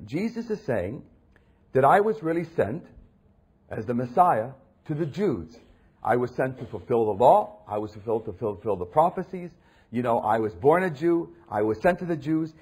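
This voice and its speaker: A male pastor preaching with a husky, slightly raspy voice that sits a little high for a man. His delivery swings widely in pitch as he reads passages aloud and acts out the people in them. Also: darkish tone. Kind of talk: sermon.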